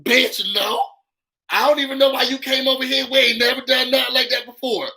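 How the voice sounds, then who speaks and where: A man's voice: extremely high pitch, steady tone, fairly quick, creaky, pushed and bright, poor audio. A man hosting a casual reality TV recap, talking in a sassy, dramatic, slangy way and repeating lines for emphasis. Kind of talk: casual live recap commentary.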